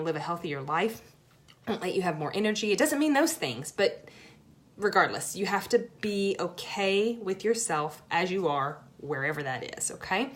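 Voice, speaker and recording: A woman's voice: fairly low pitch, a bit bright. Brief: young adult woman, live video coach, friendly and chatty, keeps checking in with her audience. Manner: chatty, encouraging, asks "right?" often. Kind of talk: live-streamed coaching talk.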